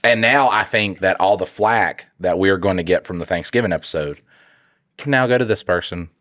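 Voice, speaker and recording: A man's voice: sits low, moderate pace, fairly bright tone, no room sound, studio quality. A man co-hosting a casual podcast with a stuffy nose, joking sarcastically as he reads listener letters aloud. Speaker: podcast co-host.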